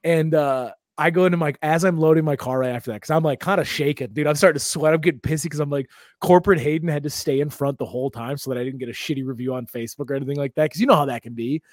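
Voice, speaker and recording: A man's voice: a little high, rapid-fire, no echo, clean studio sound. A man, a comedian co-hosting a podcast, telling a story in casual chat, acting out the other people and swearing freely. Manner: animated, acts out quotes, swears freely.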